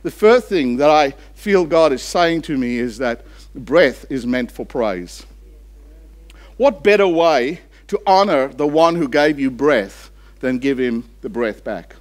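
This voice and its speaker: A man preaching a sermon as pastor, building to loud emphatic peaks and then dropping low and slow for effect. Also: lively intonation. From Australia.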